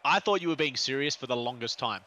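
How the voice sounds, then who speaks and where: A man's voice: medium pitch, expressive, fast talker, loud music behind the voice. A young man chatting while gaming with friends, rambling and giggling, often restarting his sentences. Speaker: gamer friend. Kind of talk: casual gaming chat with friends.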